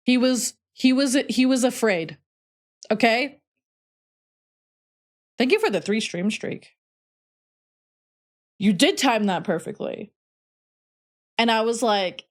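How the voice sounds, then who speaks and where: Speaking slowly and pausing often, a young woman streamer with a fairly high-pitched voice meanders through a story as she plays. Her manner is chatty and relaxed, peppered with lots of "like."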